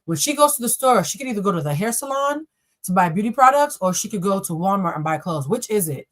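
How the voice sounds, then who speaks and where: Lively woman giving a tarot reading. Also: mid-range voice, fast talker. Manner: animated, talks straight to viewers, swears and laughs often. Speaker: tarot reader. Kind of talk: live-stream tarot reading.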